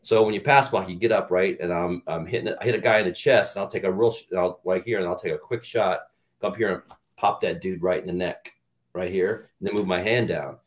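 Deep-voiced middle-aged guy rambling through stories, swears a lot, acts out the quotes. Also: brisk. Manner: animated storyteller, acts out quotes in a louder, higher voice; profane, rambling with restarts. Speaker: guest, actor and former football player. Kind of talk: storytelling in an interview.

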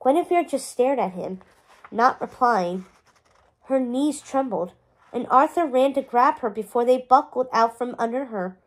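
Woman, read-aloud narrator, high voice, expressive storytelling. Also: unhurried. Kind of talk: reading a novel aloud.

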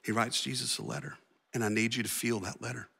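A man preaching a sermon with a bright, forceful tone, telling the story in a casual, slangy way. His voice rings out with a long hall reverb, as if from a church sanctuary. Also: medium pitch, level tone, quick pace, gravelly, slightly rough. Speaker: pastor.

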